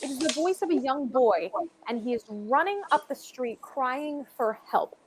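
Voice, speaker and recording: High-voiced woman game master, rambling. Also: expressive, moderate pace, breathy edge. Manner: rambling, loose, many fillers. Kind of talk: narrating a tabletop game.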